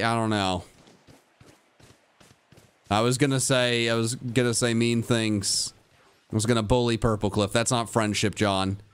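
A man streaming a video game live, muttering to himself and joking with chat, sometimes breaking into high-pitched yelling. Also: smooth. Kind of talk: live gameplay commentary.

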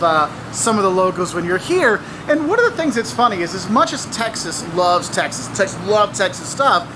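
Wry travel host outdoors by traffic. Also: male voice, high-pitched. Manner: lively, wry, explanatory. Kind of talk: travel vlog commentary. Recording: outdoor clip with street noise. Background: traffic and street ambience.

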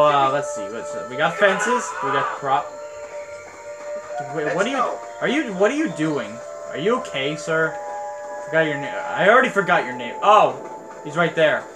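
A man giving casual, rambling and excitable commentary on a game he is playing. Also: on the high side. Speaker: let's play host. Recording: voice over game music.

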